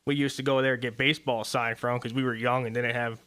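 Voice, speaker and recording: A man in his twenties, a race car driver, answering questions in a relaxed, rambling way on a radio interview. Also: medium pitch, fast talker, clean tone. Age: 20s. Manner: easygoing, rambling with fillers. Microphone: studio microphone.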